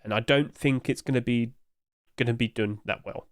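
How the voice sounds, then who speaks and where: A man's voice: medium pitch, fairly even intonation, normal speed, no echo, clean studio sound. A man hosting casual commentary, chatty and hedging, with apologetic asides, recorded at home on a desk mic. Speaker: host.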